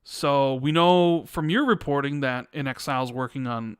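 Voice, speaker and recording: Smooth-voiced podcast host, man. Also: medium pitch, unhurried, hardly any pauses, dry recording, clean studio sound. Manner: hesitant, questioning, restarts. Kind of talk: casual chat.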